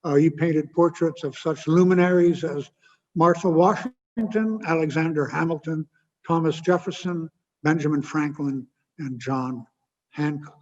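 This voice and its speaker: A man delivers an informal history lecture, stopping often with filler sounds and dropping wry asides. His voice sits a little high. The recording is a little muffled and carries a long hall reverb. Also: fairly even intonation, a little slow, a little mellow. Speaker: guest speaker.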